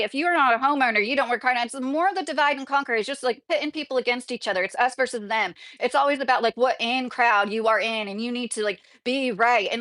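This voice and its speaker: Indignant rambling woman YouTuber, high voice. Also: a bit bright. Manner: indignant, rambling with restarts and frequent "like". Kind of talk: casual political rant to camera, reading comments.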